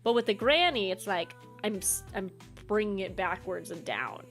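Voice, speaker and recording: A woman's voice: medium pitch, animated, normal speed, faint music behind. A woman streaming a video game, chatting casually and giggling as she plays. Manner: chatty, giggly, explains her character voices. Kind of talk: casual chat while playing.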